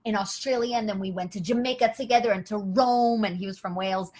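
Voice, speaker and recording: A woman's voice: medium pitch, fast. A woman comedian chatting as a podcast guest, telling stories with quoted voices and frequent laughs. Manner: animated storytelling with quoted voices; laughs often. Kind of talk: casual podcast chat.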